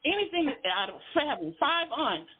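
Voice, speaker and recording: A woman's voice: high voice, big pitch swings, moderate pace, a little hiss or hum. A woman on a talk panel who speaks emphatically and often cuts in over others. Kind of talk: lively panel chat. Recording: tinny call audio.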